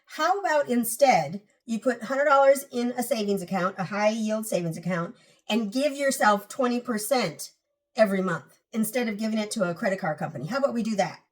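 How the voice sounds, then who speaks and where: A woman's voice: fairly high pitch, lively intonation, a little fast. Woman talking money tips to her viewers, earnest and emphatic, sounds a bit far from the mic. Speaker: personal finance YouTuber. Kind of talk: casual advice to camera.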